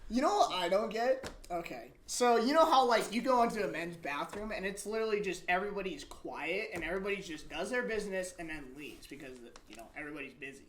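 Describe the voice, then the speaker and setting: A man's voice: high-pitched, lively intonation, fast talker, few pauses, a bit bright. Chatty young man in an echoey room. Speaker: podcast co-host. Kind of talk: casual chat. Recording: echoey room, faint noise.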